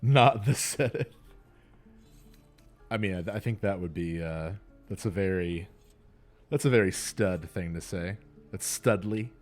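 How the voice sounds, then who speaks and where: A man's voice: sits low, a little slow, pauses often, soft background music. A man hosting a let's play, chatting casually and laughing often with self-deprecating asides. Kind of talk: casual gameplay commentary.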